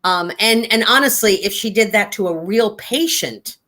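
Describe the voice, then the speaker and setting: A woman's voice: mid-range voice, animated, bright, forceful tone. A woman guest chatting casually, telling a long story with many fillers and restarts, laughing as she goes. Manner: rambling, halting with fillers, laughing through stories. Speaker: guest, standardized patient actor.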